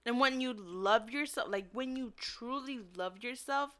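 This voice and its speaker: A woman's voice: fairly high pitch, unhurried, a bit bright. A young woman talking in a casual chat, earnest and emotional, often laughing.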